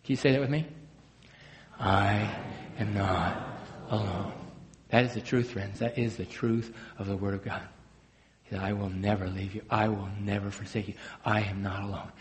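A man preaching a sermon as a pastor, swinging between loud emphatic bursts and hushed, low phrases. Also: steady tone, fairly quick, slight background noise. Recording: long hall reverb.

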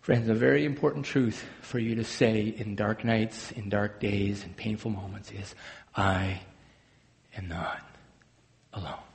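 A man preaching a sermon as a pastor, swinging between loud emphatic bursts and hushed, low phrases. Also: fairly even intonation, normal speed, vocal fry, hardly any pauses. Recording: long hall reverb.

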